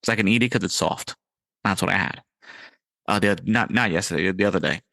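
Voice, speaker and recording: Low-voiced, excitable man on a podcast. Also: fairly quick, vocal fry, no room sound. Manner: excited and riffing, jumps pitch on punchlines. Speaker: podcast host. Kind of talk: casual podcast chat.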